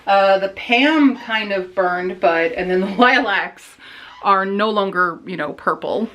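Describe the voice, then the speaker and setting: A woman's voice: mid-range voice, takes it slowly, a bit bright. A woman filming a casual baking vlog in her home kitchen, talking playfully in a put-on accent that drops its articles. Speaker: baking vlogger.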